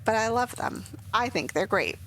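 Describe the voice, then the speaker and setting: A woman's voice: a little high, big pitch swings, normal speed, fairly bright tone, slight background noise, poor audio. A young woman streaming a game, chatting casually and emotionally with lots of fillers. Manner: rambling, emotional, many fillers. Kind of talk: casual gameplay commentary.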